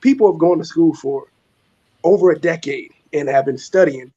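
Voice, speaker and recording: A man talking in a casual podcast chat, animated and quick to swear as he tells a story. His voice sits a bit high and sounds husky. The recording is dull and lo-fi. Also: no room sound.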